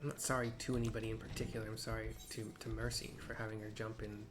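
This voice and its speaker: A man's voice: lowish voice, little pitch movement, fast talker, music in the background. A man casually narrating his gameplay for blind viewers, chatty and wry, reacting to the story as it plays.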